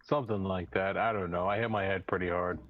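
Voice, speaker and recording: A man's voice: low voice, fairly even intonation, fast. A man playing a tabletop game in character, goofy and rambling. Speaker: player. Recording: dull lo-fi audio.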